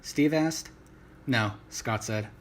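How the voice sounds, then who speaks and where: A man reading his own fan fiction story aloud in a plain, even manner. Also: mid-range voice, normal speed, a little hiss or hum.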